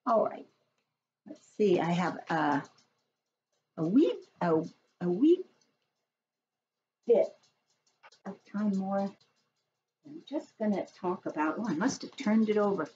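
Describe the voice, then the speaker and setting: A woman who teaches preschool reads a picture book and chats gently to young children, recorded at home. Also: medium pitch, slow, long pauses, breathy edge, muffled recording. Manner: gentle, expressive storytelling to small kids.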